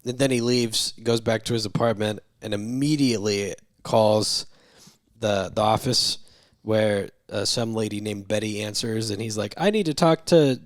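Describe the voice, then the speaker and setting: A young man co-hosting a film podcast who walks through the plot in a chatty way and slips into the characters' lines. His voice sits a bit low, and the sound is dry and close. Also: little pitch movement, measured pace, dry recording. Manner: retells scenes, acting out the lines. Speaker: podcast co-host. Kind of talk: casual movie-review chat.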